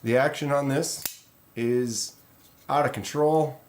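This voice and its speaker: A man hosting a casual live stream, rambling in a relaxed way and reading viewer comments aloud. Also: mid-range voice, slow pace. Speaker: knife channel host.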